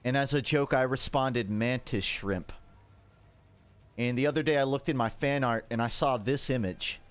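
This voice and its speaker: A man's voice: medium pitch, normal speed, clean tone. A man from Georgia in the United States with a Midwestern American accent, chatting casually and jokingly while playing a game on a livestream. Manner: joking, rambling, self-mocking. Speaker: streamer. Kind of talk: casual gaming livestream commentary.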